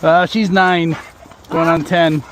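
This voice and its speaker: A man's voice: fairly high pitch, flat delivery, takes it slowly, slight background noise. A middle-aged man chatting casually to viewers as he hikes a muddy trail, a little out of breath. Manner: chatty, easygoing, talks to viewers while hiking. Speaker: vlogger. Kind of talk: casual walking vlog. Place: muddy forest trail outdoors, windy.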